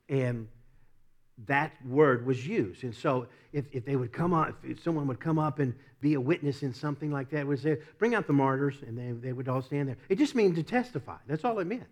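A middle-aged man preaching a sermon, telling a personal story with lots of laughs, often repeating himself and rising from quiet asides to loud emphatic peaks. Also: medium pitch. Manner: repeats and restarts words. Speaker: pastor.

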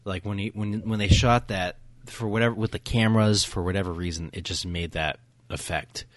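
A man's voice: low voice, fairly even intonation, brisk, no room sound. A man co-hosting a casual film podcast, retelling a scene with eager, filler-heavy enthusiasm. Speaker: podcast co-host. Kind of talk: casual film review chat.

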